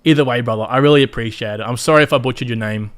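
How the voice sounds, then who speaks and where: A man's voice: mid-range voice, very fast, clear, resonant tone. Blunt Australian man hosting a livestream. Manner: chatty, blunt and profane, talks straight to viewers. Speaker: crypto livestream host. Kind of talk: casual livestream commentary.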